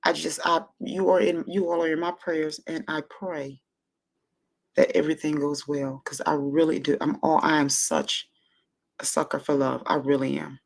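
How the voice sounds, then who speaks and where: Hosting a casual livestream, a woman with a low, gravelly voice speaks at a normal speed with a flat delivery. She gushes emotionally, moved almost to tears, stammering and repeating herself.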